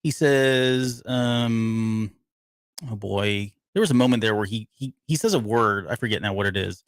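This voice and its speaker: A man's voice: on the low side, unhurried, no echo. A man co-hosting a casual live podcast, rambling and often stopping to hunt for a word he has forgotten. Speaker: podcast co-host. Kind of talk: casual live TV-show breakdown chat.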